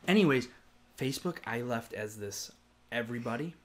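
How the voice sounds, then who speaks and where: A man's voice: mid-range voice, lively intonation, moderate pace. A man co-hosting a podcast, rambling in casual chat, swearing freely and laughing often. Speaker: podcast co-host.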